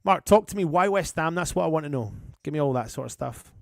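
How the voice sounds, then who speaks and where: A man's voice: fairly high pitch, animated, quick pace, gravelly, no echo. Guy doing a match watchalong, calls the play then chats to viewers, dry mic, no room sound. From England. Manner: chatty and matey, breaks off commentary to greet viewers. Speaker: fan channel host doing a live match watchalong. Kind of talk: live match commentary mixed with reading out viewer comments.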